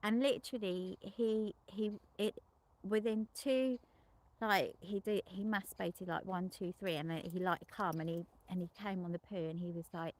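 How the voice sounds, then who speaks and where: A woman's voice: mid-range voice, fairly even intonation, normal speed. A middle-aged woman, a sex therapist, frankly recounting a client session in a loose, rambling way with many restarts. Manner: rambling, frequent restarts and self-corrections; frank and unembarrassed on explicit topics.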